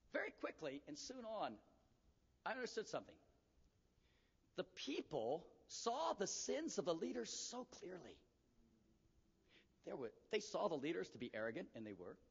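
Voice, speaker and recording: A man's voice: a little high, a bit bright, breathy edge. A man preaching a sermon, telling a story and acting out the dialogue of the people in it. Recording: echoey hall, dull lo-fi sound.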